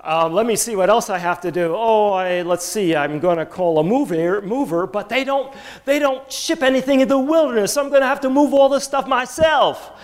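A man's voice: high voice, normal speed, pitched above the performer's own voice, natural voice. A preacher doing Abraham, muttering over his move. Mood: fussing. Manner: muttering, fussy to-do list. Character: biblical patriarch Abraham, grumbling about moving.

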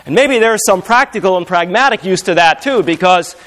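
High-voiced man preaching a sermon. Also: animated, a little fast. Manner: swings between loud emphatic passages and hushed intimate storytelling.

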